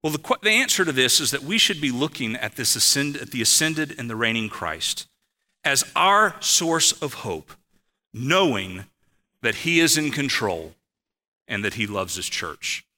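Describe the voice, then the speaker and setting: A man's voice: medium pitch, very animated, moderate pace, sharp tone. A male pastor preaching a sermon, telling a story with animation and repeating his key phrases for emphasis. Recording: long hall reverb.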